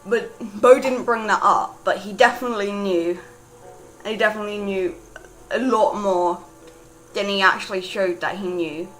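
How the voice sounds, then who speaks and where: A young British woman talks about her own character in a loose, rambling way. She leans on "like" and often restarts her sentences. Her voice sits in a middle pitch, with faint music underneath. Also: moderate pace, a bit bright, low-quality recording. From Britain. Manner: rambling, lots of "like" fillers and restarts. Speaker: writer discussing her character. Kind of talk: casual rambling monologue.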